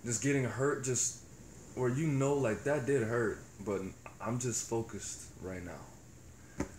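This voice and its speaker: A man's voice: mid-range voice, takes it slowly, darkish tone. Young male vlogger, reflective and foul-mouthed, recorded in a roomy space with a faint hum. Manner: rambling, profane, reflective. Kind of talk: casual monologue. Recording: echoey room with faint ambience.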